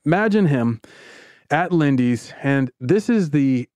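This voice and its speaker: A man hosting a podcast, telling a story in animated, casual chat with plenty of "like" and "you know". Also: on the high side, slow, no echo. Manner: animated, conversational, says "like" a lot.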